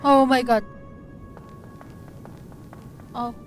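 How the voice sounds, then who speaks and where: A woman's voice: on the high side, fairly even intonation, normal speed, soft background music. A woman streamer giving casual gameplay commentary, jumpy and giggly, easily startled.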